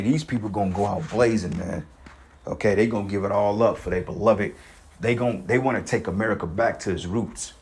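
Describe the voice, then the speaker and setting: A man reading news stories aloud and commenting between them in a rambling, profane, streetwise way, often repeating and restarting his words. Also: on the low side.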